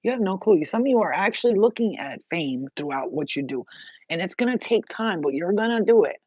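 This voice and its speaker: A woman's voice: fairly low pitch, lively intonation, brisk, darkish tone, slightly rough, dry recording. A woman giving a spiritual message monologue, intense and blunt, swearing freely as she talks. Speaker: spiritual reader. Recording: dull, dry lo-fi sound.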